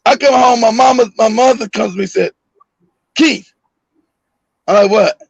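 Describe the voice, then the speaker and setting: A man telling a story in casual chat, animated and swearing often, acting out the voices in his story and shouting the quotes. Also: very high voice, quick pace, creaky, husky, dry recording, highs cut off. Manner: swears freely, laughs often.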